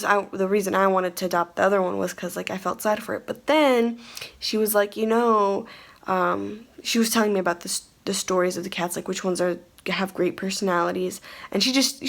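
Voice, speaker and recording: A young woman telling a rambling storytime to the camera, full of "like" fillers and restarts. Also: mid-range voice. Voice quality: creaky. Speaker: vlogger. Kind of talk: casual storytime chat.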